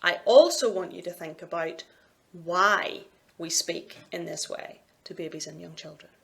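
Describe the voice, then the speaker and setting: Woman giving a measured university lecture. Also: lowish voice. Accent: Scottish. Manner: clear, measured explaining with sing-song examples. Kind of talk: recorded lecture narration.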